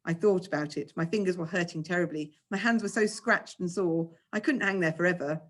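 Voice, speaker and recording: A woman, a teacher, reading a children's novel aloud with expressive storytelling. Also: lowish voice, fairly quick.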